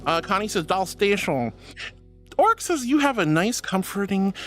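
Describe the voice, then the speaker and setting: Lively, affectionate woman streamer. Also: mid-range voice, normal speed, soft background music. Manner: affectionate, calls viewers honey and darling; giggly, laughs often. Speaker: VTuber streamer. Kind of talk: casual chat reading viewer comments.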